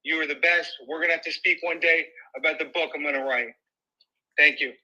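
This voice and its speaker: A man sharing thoughts on a group call, his voice slightly high for a man and very bright. He talks in a relaxed, slightly halting way, restarting words now and then. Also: poor audio. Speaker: guest speaker. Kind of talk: casual call remarks.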